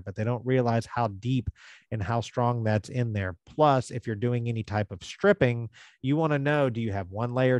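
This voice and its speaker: A man's voice: mid-range voice, a little mellow, dry recording. A man giving a live training talk to contractors, speaking conversationally and acting out quotes from customers.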